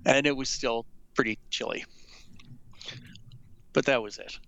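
A man's voice: mid-range voice, measured pace, gravelly, a bit bright, no room sound, lo-fi sound. A man from the Boston area, co-hosting a casual chat with wry, grumbling humor.

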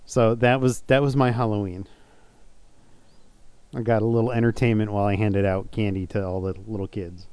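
A man in his thirties hosting a podcast, telling stories in a relaxed, chatty way with laughs. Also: lowish voice, normal speed, clean tone. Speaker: podcast host. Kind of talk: casual chat.

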